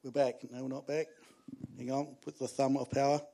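A man, preaching a sermon and telling stories in an animated way, often laughing and restarting his words. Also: medium pitch, fairly quick, gravelly. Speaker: pastor.

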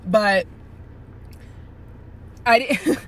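A woman in her early twenties telling a workplace story in a casual, animated rant, blunt and profane with lots of "like" fillers. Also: medium pitch, drawn-out words. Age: early 20s. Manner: indignant and blunt.

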